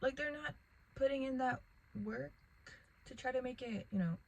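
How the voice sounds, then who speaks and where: A woman's voice: high voice, moderate pace, gravelly, poor audio. A young woman telling a rambling casual storytime vlog to the camera, packed with "like" and fillers. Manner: rambling, filler-heavy, lots of "like".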